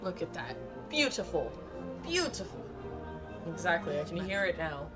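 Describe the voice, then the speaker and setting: A woman's voice: lowish voice, fairly quick, over music. Crude joking woman streamer. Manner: crude, joking, laughing, tipsy banter. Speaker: game streamer. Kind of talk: casual live-stream chat.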